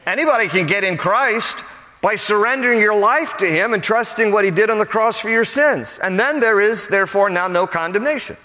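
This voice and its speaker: A male pastor delivers a sermon from the pulpit, his voice pitched somewhat high for a man. He builds to impassioned peaks and then drops into hushed, pastoral passages. A long reverb trails each phrase through the church sanctuary. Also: animated, brisk.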